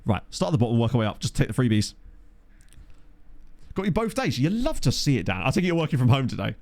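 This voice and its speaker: A man with a soft Essex accent chats loosely with his live-stream viewers, wandering off on jokey tangents. His pitch rises and falls in a lively way. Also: fast. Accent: soft Essex home counties English. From Essex, England. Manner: rambling, jokey, chatting with viewers. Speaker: streamer playing a management game. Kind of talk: casual live-stream chat.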